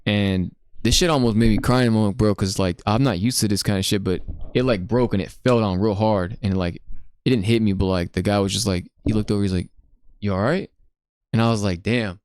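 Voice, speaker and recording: A young man hosting a podcast, telling stories in a casual, slangy, animated way. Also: lowish voice, fast talker, clean tone, no echo, studio quality. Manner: slangy, animated storytelling with lots of "bro". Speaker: podcast host. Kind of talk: casual chat.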